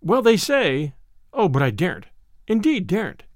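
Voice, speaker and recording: A man's voice: wildly swooping pitch, normal speed, no room sound, clean studio sound. A man voicing a frightened young page boy. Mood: fearful. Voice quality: higher, trembling, archaic speech.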